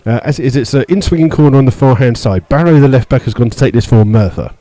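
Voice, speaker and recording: A man giving live radio football commentary from the stand, steady play-by-play with many fillers, rising sharply when he disputes a call. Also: medium pitch, fast talker, no room sound, poor audio. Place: stadium stand among fans.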